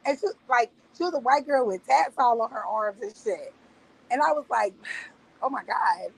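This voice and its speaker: A woman in her thirties streaming, telling casual stories in a profane, laughing, animated way. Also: fairly high pitch, moderate pace, creaky, slightly rough, poor audio. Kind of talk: casual storytelling monologue. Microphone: streaming mic.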